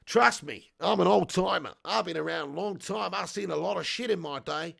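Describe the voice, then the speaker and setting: A man's voice: high voice, moderate pace, creaky, pushed and bright, full character voice. A man voicing a jovial older Australian man who calls himself an old-timer, reading a viewer message in a broad put-on Australian accent.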